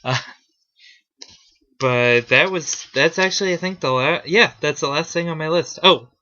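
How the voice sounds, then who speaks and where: The gaming vlog host speaks at a measured pace in a sharp, somewhat high voice, recorded with the highs cut off. He rambles in casual, unscripted talk, restarting often and using many fillers.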